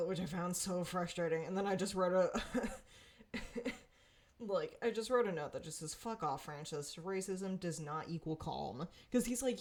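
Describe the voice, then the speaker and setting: A young woman casually reviewing a TV episode, animated and often laughing as she vents her frustration. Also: lowish voice, unhurried. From Pacific Northwest. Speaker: TV show reviewer.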